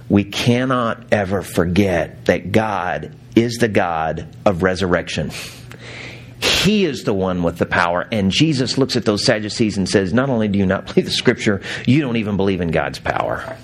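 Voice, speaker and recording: A man's voice: lowish voice, expressive, moderate pace. A man preaching a sermon, telling stories with laughs and acting out quotes. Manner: storytelling with laughs and acted quotes. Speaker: pastor.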